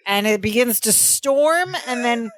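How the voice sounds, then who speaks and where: A woman's voice: fairly high pitch, a little slow, no echo. Woman animatedly retelling a sitcom plot. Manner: animated retelling, quoting characters. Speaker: podcast co-host. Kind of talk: casual recap of a sitcom episode.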